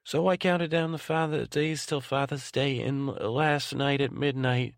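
A man's voice: medium pitch, fairly even intonation, measured pace, vocal fry, dry recording, studio quality. A man playing Ray, a tenderhearted man who rambles and stumbles over his words in a bedtime monologue. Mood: tender. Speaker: podcast host in character.

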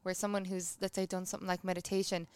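Fast-talking, smooth-voiced woman guest. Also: lowish voice, little pitch movement, darkish tone, no room sound. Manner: explains ideas with vivid examples, encouraging replies. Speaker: podcast guest, wellness coach. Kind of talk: casual chat.

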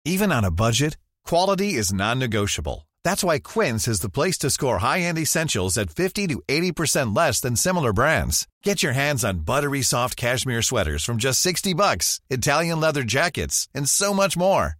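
A man reading a scripted ad in a smooth, upbeat, salesy manner. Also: mid-range voice, big pitch swings, moderate pace, a bit bright, no room sound, studio quality. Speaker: ad announcer. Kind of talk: scripted ad read.

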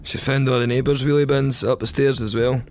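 Young Scottish male storyteller, deadpan and crude, mid-range voice. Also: mid-range voice, fairly quick, soft background music. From Scotland. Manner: wry, deadpan, crude humour. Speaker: podcast storyteller. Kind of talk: first-person comic storytelling.

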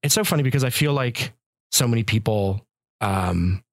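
A man's voice: medium pitch, animated, moderate pace, no echo, studio quality. A man from rural Ontario, a chef chatting casually as a podcast guest, rambling with lots of fillers. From rural Ontario, Canada.

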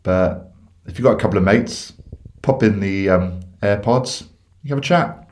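A man's voice: fairly low pitch, moderate pace, darkish tone. A man, co-hosting a casual podcast, chatty and laughing at his own jokes. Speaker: podcast co-host. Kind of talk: casual chat, telling a joke.

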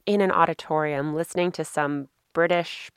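A woman's voice: deep voice, fairly even intonation, normal speed, clear, resonant tone, no room sound, studio quality. A woman interviewing a guest in a casual, chatty way, often filling her sentences with "like.". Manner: casual, chatty, lots of fillers. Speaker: interviewer, host. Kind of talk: interview conversation.

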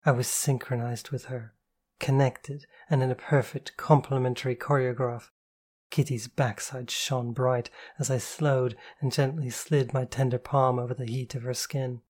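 A woman reading a novel aloud in the first person, calm, slow and intimate. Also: extremely low pitch, breathy edge. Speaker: audiobook narrator.

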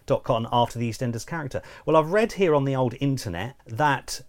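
A man's voice: medium pitch, fast. A man co-hosting a podcast, speaking with dry, mock-formal politeness. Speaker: podcast co-host. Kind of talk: casual trivia chat.

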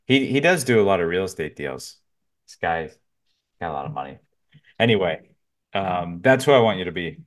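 Laid-back low-voiced man, joking around. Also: sing-song, moderate pace, pauses often. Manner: laid-back, laughs often, sets up bits. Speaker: podcast co-host. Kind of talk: casual comedic banter.

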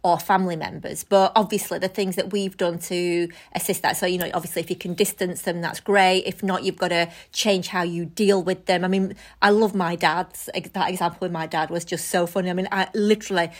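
A woman co-hosting a casual chat, telling lively stories and laughing often. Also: fairly low pitch, fairly quick, hardly any pauses. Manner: animated storyteller, laughs often. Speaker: co-host.

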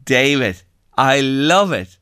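An Irish man hosting a radio show, chatting casually and reading out listener messages with lively storytelling. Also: mid-range voice, takes it slowly, clean tone, no echo, clean studio sound.

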